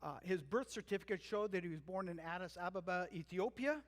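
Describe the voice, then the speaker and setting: Pastor, male, high voice, earnest emphatic sermon delivery, church sanctuary with long reverb. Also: a little fast. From Canada. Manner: earnest, emphatic preaching with storytelling asides.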